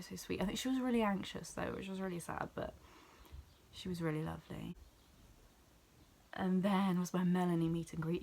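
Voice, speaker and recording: A young woman from near Bristol with a West Country English accent, chatting excitedly and rambling as she recaps an event in a vlog. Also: fairly low pitch, vocal fry. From England. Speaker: vlogger. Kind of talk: casual chat.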